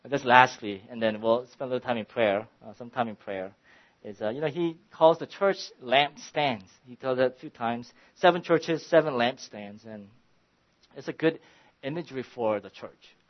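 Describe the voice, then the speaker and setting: A man pastor preaching a sermon, earnest and halting at first, then building to emphatic, passionate preaching. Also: mid-range voice. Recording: dull lo-fi recording.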